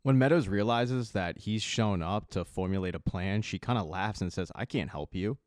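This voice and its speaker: A man narrating a casual recap of a TV season, telling the plot in a conversational way with quick asides. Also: on the low side, a little mellow, no room sound, clean studio sound. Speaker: recap host.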